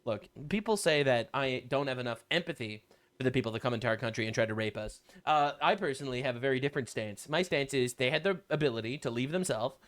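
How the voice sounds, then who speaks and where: A man's voice: medium pitch, quick pace. A man hosting a political reaction commentary show, talking in a sarcastic, crude, mocking way. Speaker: show host.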